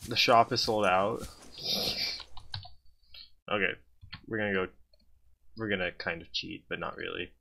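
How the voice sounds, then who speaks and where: A man's voice: low voice, steady tone, measured pace, vocal fry, long pauses, sharp tone. A young man streaming a game, chatting with his viewers in a sarcastic, talkative way. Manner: sarcastic, chatty, talks to chat. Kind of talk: casual gameplay commentary.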